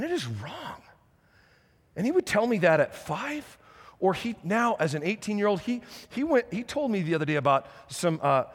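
A middle-aged man preaching a sermon, telling stories with animated energy and frequent restarts. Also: sits high. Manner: animated storytelling with many restarts. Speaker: pastor. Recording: long hall reverb.

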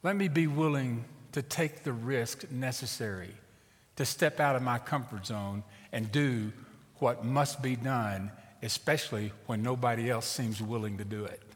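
A middle-aged man preaching a sermon as a pastor and telling a story in an animated, conversational way. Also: medium pitch, a little slow. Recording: reverberant hall.

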